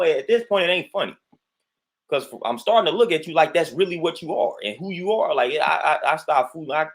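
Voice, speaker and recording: Male livestream host on a repetitive, emphatic rant, peppered with "man" and shout-outs to chat. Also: fairly high pitch, creaky. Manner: greets viewers in chat between points.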